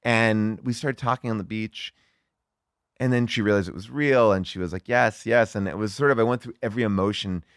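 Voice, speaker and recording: A middle-aged man chatting as a guest, telling a story in a lively way with lots of fillers and some swearing. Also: on the low side, a little fast, no room sound, studio quality. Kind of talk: casual chat.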